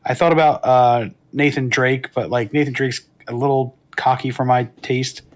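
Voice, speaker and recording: A man's voice: mid-range voice, fairly even intonation, normal speed. A man as a guest in a casual interview, rambling and thinking aloud with many fillers. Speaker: guest, streamer.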